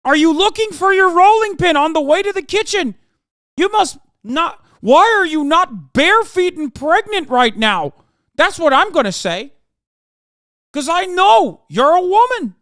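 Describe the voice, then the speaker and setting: A man's voice: extremely high pitch, big pitch swings, a little slow, no room sound, clean studio sound, pitched above the performer's own voice, exaggerated voice. A man doing a squealing, mocking pundit caricature. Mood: mocking, sneering. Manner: squealing, exaggerated, near-shouting mockery.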